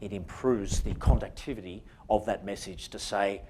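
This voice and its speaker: A man's voice: on the low side, moderate pace, mellow, a little hiss or hum. Australian man presenting a workshop. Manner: interactive, asks the audience questions. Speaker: conference presenter. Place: conference room with audience.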